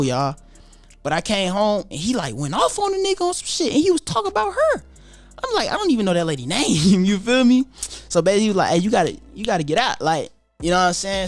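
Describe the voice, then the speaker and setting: Young man, casual storyteller, slangy and animated, light music bed. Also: high-pitched, no echo. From Atlanta, USA. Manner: animated, profane street slang, acts out quoted voices. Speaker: YouTuber telling his story.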